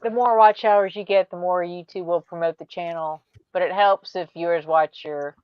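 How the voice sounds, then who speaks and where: A woman streamer chats with friends on a livestream, talkative and opinionated. Her voice is lowish and smooth. The sound is dry and a little dull. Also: steady tone, normal speed, dry recording. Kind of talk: casual group chat on a livestream.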